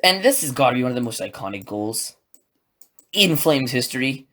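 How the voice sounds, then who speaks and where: Excitable rambling man hosting a podcast. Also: medium pitch, moderate pace. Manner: excitable, rambling, filler-heavy with many "like"s. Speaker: podcast host. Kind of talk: solo podcast commentary, casual.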